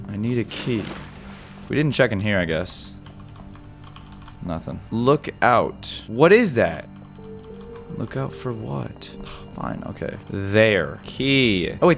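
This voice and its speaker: A young man giving jumpy, excitable let's play commentary as he explores a creepy game, breaking into sudden shouts and laughs. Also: medium pitch. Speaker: gaming YouTuber.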